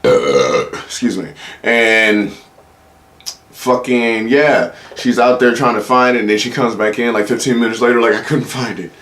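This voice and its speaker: A man's voice: medium pitch, measured pace, fairly bright tone. A young man, a comedian, casually telling profane anecdotes on a solo podcast and slipping into quoted voices.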